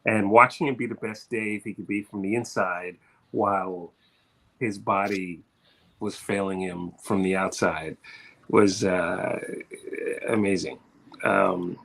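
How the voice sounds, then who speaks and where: Guy on a video call, lowish voice, thoughtful and pausy, lots of ums. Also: fairly even intonation, vocal fry, fairly bright tone, poor audio. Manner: reflective, pausing with frequent ums. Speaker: musician friend sharing memories. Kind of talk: spoken memorial tribute.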